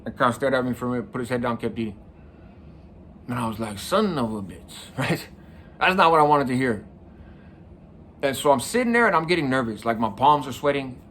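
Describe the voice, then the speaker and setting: A middle-aged man from California recounts his own story in a relaxed, conversational way, often checking in with his listener as he goes. His voice sits at an ordinary mid pitch, with a faint hum of ambience behind it. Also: brisk, long pauses. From San Mateo County, California. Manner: casual, conversational, often adds "right?". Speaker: podcast host. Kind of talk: personal storytelling.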